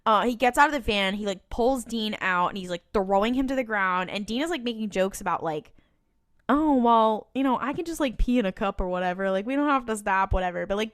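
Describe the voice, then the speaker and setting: A woman's voice: medium pitch, brisk, few pauses, no echo. Chatty woman retelling a show, dry sound. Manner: animated retelling, quoting characters, frequent laughs and ums. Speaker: podcast co-host. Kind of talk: casual recap chat.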